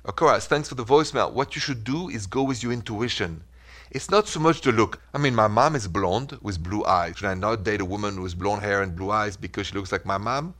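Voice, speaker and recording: A man with a French accent, his voice on the low side and fairly bright, talks a little fast. He's a radio relationship advice host fielding calls, earnest and reassuring, with short coaching phrases.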